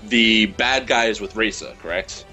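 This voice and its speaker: A man's voice: lowish voice, normal speed, bright, forceful tone, faint music behind. A man playing a tabletop role-playing game, joking and bantering with the table. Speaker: player.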